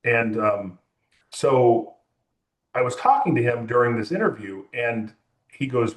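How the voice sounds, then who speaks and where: A man's voice: medium pitch, expressive, a little slow, pauses often, roomy sound. A man from California, a music photographer, telling a long story in an interview with many fillers and restarts.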